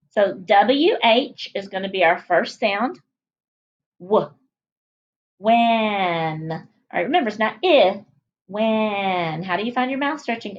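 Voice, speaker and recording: A woman teacher leading a phonics lesson for young children, cheerfully sounding out letters and words slowly. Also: medium pitch, lo-fi sound. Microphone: recorded at a whiteboard.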